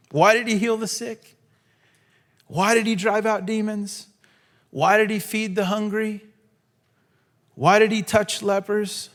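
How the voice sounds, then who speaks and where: A man preaching a sermon in a church, acting out quotes and swinging from loud to hushed. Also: high voice. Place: church hall.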